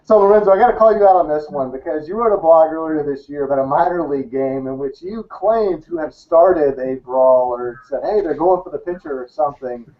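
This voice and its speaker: A man's voice: fairly high pitch, brisk, few pauses, muffled recording. Laughing man hosting a call-in panel. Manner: asks long questions, laughs often. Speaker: talk show host. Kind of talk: casual panel talk over a call.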